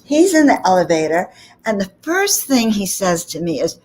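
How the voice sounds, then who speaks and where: A woman's voice: mid-range voice, normal speed. A woman hosting a spiritual talk channel, telling a personal story in a chatty way with frequent "okay?" and "you know" asides. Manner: animated anecdote with frequent 'okay?' and 'you know' asides.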